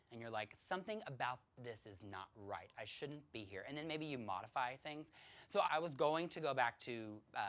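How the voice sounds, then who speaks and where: A man from the United States telling a personal story to an audience, animated, laughing often and acting out the voices of others. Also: mid-range voice.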